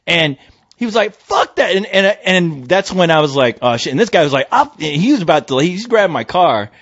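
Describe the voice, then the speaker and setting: A man on a podcast tells a story in a loose, profane way and acts out every voice in it. His pitch sits a bit high and swings widely. The recording is dry and somewhat muffled. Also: expressive, brisk, fairly bright tone, dry recording. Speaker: podcast host. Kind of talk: casual storytelling chat. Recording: dull dry lo-fi sound.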